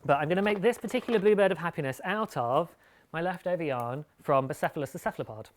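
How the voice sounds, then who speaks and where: A man's voice: fairly high pitch, quick pace. Male podcast host, casual and rambling, self-deprecating. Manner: chatty, rambling, laughs at himself. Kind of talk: casual live-show chat about knitting.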